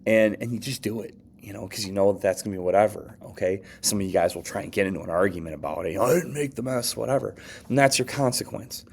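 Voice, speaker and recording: Male teacher, lowish voice, relaxed conversational lecture delivery, acts out quick examples. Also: gravelly, husky. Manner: conversational, frequent okays and restarts, acts out quoted lines. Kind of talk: casual classroom lecture.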